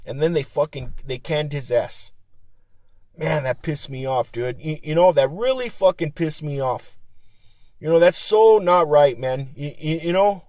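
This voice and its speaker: A man's voice: on the high side, lively intonation, a little slow, darkish tone, dry recording. A man venting in a rambling, profane, heated monologue about his job as a security guard supervisor.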